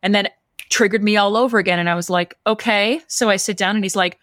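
A woman's voice: mid-range voice, quick pace, no echo, studio quality. A woman in casual podcast talk, telling a story and acting out the dialogue with lots of energy. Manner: animated, acts out quoted dialogue.

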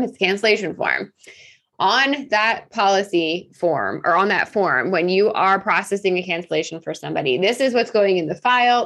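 Lively storytelling woman host. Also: medium pitch. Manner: animated, acts out quoted voices. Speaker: insurance podcast host. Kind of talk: casual storytelling chat.

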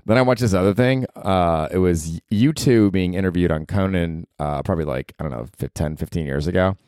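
Low-voiced man rambling casually. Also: a little fast, darkish tone, clean tone, no echo, clean studio sound. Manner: loose and rambling, heavy "like" and swearing; slips into mocking voices for people he quotes. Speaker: podcast host. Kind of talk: casual comedic monologue.

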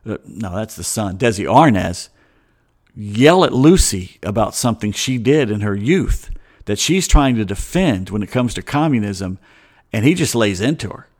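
A man's voice: lowish voice, expressive, moderate pace, darkish tone. A middle-aged man hosting a show, chatting in a loose, opinionated monologue full of digressions and chuckling asides. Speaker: host. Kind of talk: casual rambling monologue.

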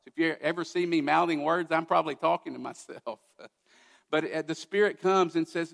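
A man's voice: on the high side, fairly even intonation, brisk, creaky, big-room sound. A man preaching a sermon as pastor, earnest and conversational, with personal asides to the congregation. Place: church sanctuary.

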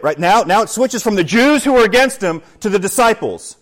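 A middle-aged man preaching a conversational verse-by-verse sermon, animated, with joking asides and acted-out quotes. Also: high voice, brisk. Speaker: pastor.

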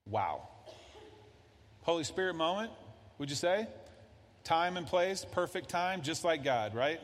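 A man's voice: a little high, sing-song, a little slow. Man preaching in a reverberant hall. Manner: conversational preaching, acting out dialogue. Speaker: pastor. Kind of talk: sermon.

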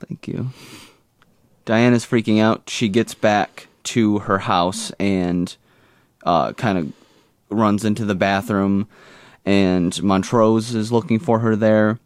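A man's voice: lowish voice, fairly even intonation, slow pace, clear, resonant tone, no echo, studio quality. A man co-hosting a podcast, recapping a TV episode in casual chat with jokey, rambling asides. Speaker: podcast co-host.

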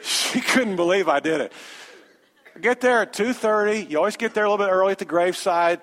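A man, a pastor telling a story in a sermon with animated, conversational quoted dialogue. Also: high voice, a little fast. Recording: long hall reverb.

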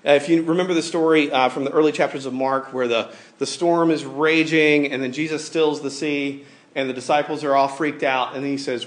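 Animated conversational male preacher. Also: a little high, brisk. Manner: conversational, animated, acts out quoted voices. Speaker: pastor. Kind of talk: sermon.

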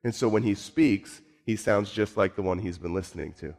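A man preaching a sermon, moving from low, quiet musing to raised, emphatic points, slowing down and repeating words for emphasis. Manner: repeats himself, speaks slowly for emphasis. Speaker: pastor.

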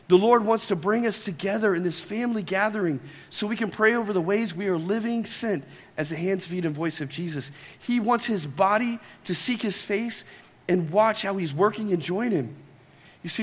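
A pastor with a high voice delivers a chatty, lively sermon, bantering with his congregation between points. His voice rings out with a long reverb from the church hall around him. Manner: conversational, playful asides to the congregation. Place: church sanctuary.

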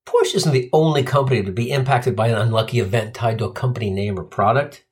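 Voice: medium pitch, fast talker, a little mellow. A comedian telling a profane, sardonic stand-up story. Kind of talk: stand-up routine.

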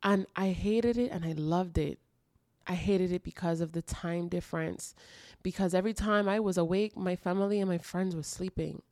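A woman's voice: fairly low pitch, normal speed, a little mellow, dry recording, studio quality. A woman hosting her own podcast, speaking emotionally and earnestly and repeating phrases for emphasis in an intimate confessional monologue. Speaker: podcast host. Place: dark room at home.

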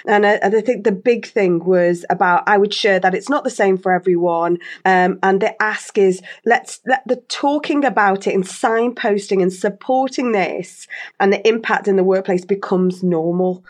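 A woman's voice: mid-range voice, moderate pace. A woman as a podcast guest, talking earnestly and reeling off statistics. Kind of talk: casual conversational podcast.

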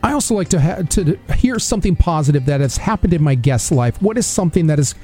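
A man's voice: fairly high pitch, expressive, fast, dark tone, soft background music. A man hosting a radio interview in a studio, upbeat and effusive with his guest. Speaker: radio host.

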